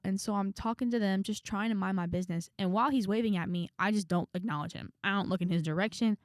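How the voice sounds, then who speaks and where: A young woman vlogger telling a story to camera in a casual, animated way, with dramatic quoted asides. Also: mid-range voice, fast, no echo, studio quality. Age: young adult.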